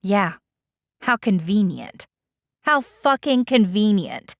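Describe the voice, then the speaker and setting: A woman's voice: medium pitch, big pitch swings, slow pace, no echo. A woman voicing an angry, defiant female teacher in an audiobook, sarcastic and biting. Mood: scornful. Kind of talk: audiobook character voice.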